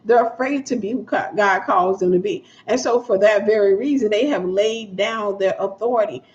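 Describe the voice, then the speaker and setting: A woman's voice: medium pitch, normal speed. A woman minister teaching a sermon in a conversational way, repeating her key points and acting out little scenes. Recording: dull lo-fi sound.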